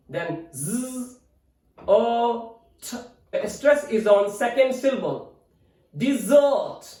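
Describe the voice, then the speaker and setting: A man with an Indian English accent teaching English, speaking deliberately and spelling words out letter by letter. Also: high voice. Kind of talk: instructional lesson. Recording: roomy echo, mic at a distance.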